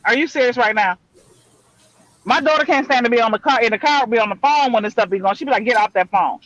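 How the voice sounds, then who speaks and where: A middle-aged woman hosting a casual live panel chat, animated and exclaiming in slangy speech. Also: on the high side, quick pace, no echo, highs cut off. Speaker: panel host.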